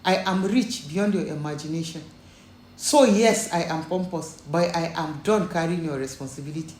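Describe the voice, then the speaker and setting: Steady heiress, measured and icy, put on by a woman narrator; room echo. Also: lowish voice, a little hiss or hum, close to an everyday voice. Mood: firm. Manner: firm, measured, cool. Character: wealthy young Nigerian woman, calm and firm.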